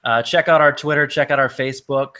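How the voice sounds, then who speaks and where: A man's voice: mid-range voice, steady tone, a little fast, pushed and bright. A man co-hosting a casual podcast, friendly and easygoing, with lots of ums. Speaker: podcast co-host.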